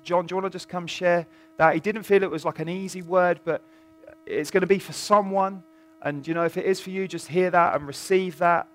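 A man leading a church service, informal and encouraging as he addresses the congregation. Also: high voice. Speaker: church leader. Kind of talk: preaching to a congregation.

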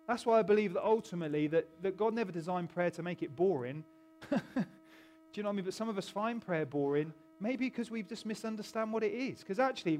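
A man's voice: high-pitched, a little hiss or hum. A middle-aged male pastor preaching a chatty, informal sermon in a church, often stopping to joke with the congregation. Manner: chatty, self-interrupting, jokes with the congregation. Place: church hall.

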